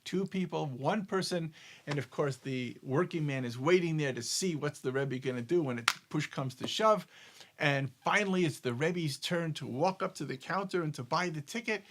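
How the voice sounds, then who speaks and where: A man co-hosting a spiritual discussion show, casually telling jokes with a deep lesson and often repeating words as he thinks. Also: normal speed, a bit bright, a little hiss or hum. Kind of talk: casual storytelling chat.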